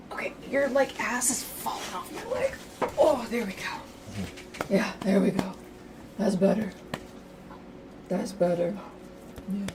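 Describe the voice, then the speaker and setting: A woman hosting a game livestream, talking casually and playfully to her viewers. Her voice sits at a middle pitch. A steady background noise runs under the recording. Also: unhurried, vocal fry, long pauses. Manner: chatty, playful, rambling. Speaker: game streamer.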